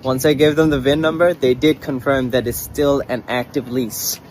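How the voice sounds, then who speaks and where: A man's voice: mid-range voice, steady tone, moderate pace, noisy background. Man telling a story outdoors. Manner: matter-of-fact, recounts phone calls step by step. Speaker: storyteller in a clip. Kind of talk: casual storytelling.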